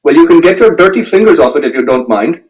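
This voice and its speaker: A man's voice: a little high, lively intonation, fast talker, natural voice, poor audio. A man voicing an impatient male shopkeeper, curt and sarcastic.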